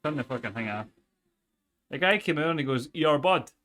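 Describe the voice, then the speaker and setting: Bright, sweary Scottish man. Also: mid-range voice, lively intonation, fairly quick. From Scotland. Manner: sweary, chatty, tells stories while tinkering. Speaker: livestreamer. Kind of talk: rambling casual stream chat.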